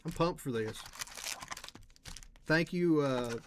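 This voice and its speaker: A man's voice: fairly high pitch, slow, a little hiss or hum. A man hosting a trading card break livestream, chatting casually with viewers and reading out the cards he pulls. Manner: chatty, reads out cards and talks to chat.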